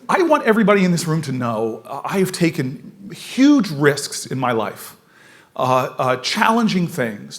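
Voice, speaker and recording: A man in his forties from the United States giving an energetic storytelling speech at a forum, laughing often as he moves around the room. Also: fairly high pitch. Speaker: political speaker at a forum.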